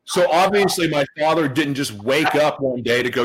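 A man giving a personal testimony speech to an audience, earnest and emotional, repeating phrases for emphasis and dropping to a hush at tender moments. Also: on the high side, normal speed, hardly any pauses, low-quality recording. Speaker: motivational speaker sharing his life story.

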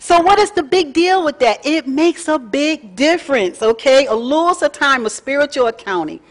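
A woman, teaching a faith lesson in a folksy, chatty way with lively asides. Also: high voice, moderate pace. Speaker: Bible study teacher. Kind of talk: casual teaching talk.

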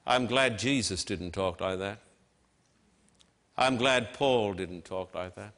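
A man preaching a sermon with emphatic, measured delivery and dramatic pauses. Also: lowish voice, a bit bright. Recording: long hall reverb.

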